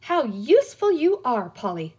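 A woman voicing a bold, curious young girl heroine in a storybook reading, with excited high exclamations. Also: normal speed, husky, full character voice. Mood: eager.

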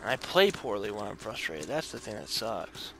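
A man's voice: on the low side, sing-song, moderate pace, creaky, heavy background noise. A man commentating his own video game play, talking to himself, reading game text aloud and yelping and groaning at setbacks into a desk microphone. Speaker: let's play host. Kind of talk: gameplay commentary.

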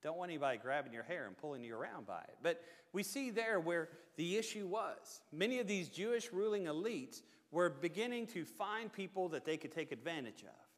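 A man's voice: on the high side, fairly bright tone. A man preaching a sermon in a church, in a conversational style that keeps checking in with the congregation. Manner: conversational preaching with tag questions. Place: church sanctuary. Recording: church hall reverb.

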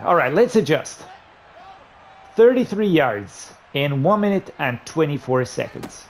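A man with a somewhat high voice calls plays in a football video game. He swings from low muttering to loud, exasperated, swearing outbursts. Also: very animated, a little slow, slight background noise. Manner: frustrated, ranting and swearing at the game. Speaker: gaming YouTuber. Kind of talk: gameplay commentary.

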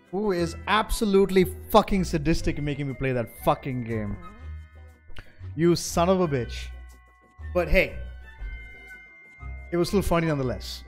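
A man's voice: a little high, lively intonation, unhurried, pauses often, faint music behind. A man streaming a video game, signing off in a loose, profane, chatty way. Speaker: gaming streamer. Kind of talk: casual stream outro.

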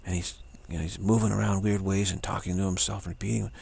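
A man's voice: sits low, fairly even intonation, fast, vocal fry, a little mellow, slightly rough. A man telling a spiritual story in a rambling way, repeating himself and restarting often, with a sore throat. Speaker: spiritual teacher. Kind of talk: casual spoken reflection.

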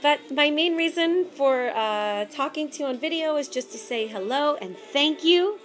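Brief: high-voiced woman singer, bubbly and gushing, casual thank-you update with soft music behind. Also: lively intonation, normal speed. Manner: bubbly and effusive, says darling. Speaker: gospel recording artist. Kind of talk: casual video update to supporters. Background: faint music with a man singing.

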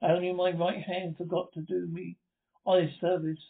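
A man's voice: sits high, flat delivery, normal speed, vocal fry. Earnest young lover, read by a man; passionate, tinny phone-like sound. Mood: impassioned. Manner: impassioned, declaiming. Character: earnest young male suitor, devoted. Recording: tinny lo-fi recording.

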